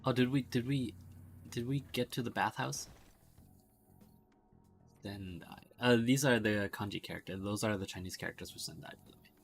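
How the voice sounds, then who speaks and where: Creaky-voiced sleep-deprived male streamer. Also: lowish voice, moderate pace, pauses often, faint music behind. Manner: rambling, mock-professorial, laughs often. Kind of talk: casual live-stream game commentary.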